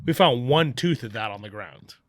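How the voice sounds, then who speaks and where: A man tells a story in a relaxed podcast chat, jumping into other people's voices as he goes. His voice sits mid-range for a man, and the sound is dry and close, with no room around it. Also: medium pitch, normal speed, no echo. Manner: animated, acts out quoted dialogue, swears casually. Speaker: podcast guest, brewery owner. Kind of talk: casual storytelling.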